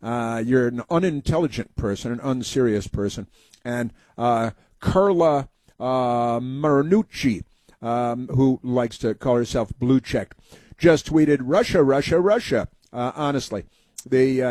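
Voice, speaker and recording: A man's voice: medium pitch, unhurried, darkish tone, no room sound. A man hosting a talk radio show, delivering a sarcastic, mocking monologue full of filler "uh"s into a studio microphone.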